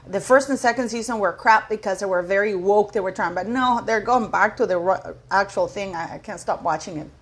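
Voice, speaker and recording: A woman's voice: medium pitch, fairly quick, hardly any pauses, husky. Indignant middle-aged woman ranting to camera. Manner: indignant, rambling, repeats words for emphasis. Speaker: commentary channel host. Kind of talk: casual opinion rant to camera.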